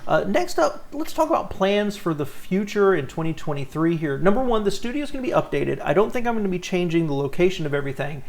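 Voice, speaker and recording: Male host, somewhat high voice with a gravelly edge, expressive and earnest, casual talking-head delivery to camera. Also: fast, few pauses. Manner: animated, sincere, talks with his hands. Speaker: car channel host. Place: home studio.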